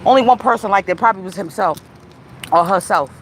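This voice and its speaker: A woman's voice: mid-range voice, quick pace, a bit bright, a little hiss or hum. Emphatic woman talking to her viewers. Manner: emphatic, repetitive, addresses viewers directly. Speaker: livestream host. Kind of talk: casual spiritual livestream talk.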